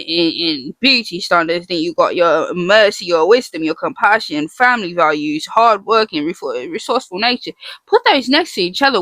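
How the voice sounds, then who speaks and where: A woman's voice: mid-range voice, sharp tone, no room sound. A woman giving a casual faith talk to her viewers, earnest and emphatic, repeating her phrases and putting rhetorical questions to the listener. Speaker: vlogger teaching about the names of God.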